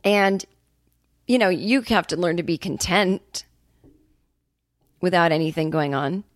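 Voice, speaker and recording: A woman's voice: fairly low pitch, unhurried, dry recording, studio quality. A woman hosting a podcast, ranting in a casual monologue, swearing freely and acting out quotes. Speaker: podcast host.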